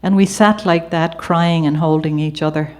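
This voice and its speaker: This Irish woman's low-pitched voice keeps a fairly even intonation and a moderate pace as she reads from her memoir at a gallery event. In front of the audience she alternates between reading and chatty storytelling, dropping in warm asides and sometimes laughing.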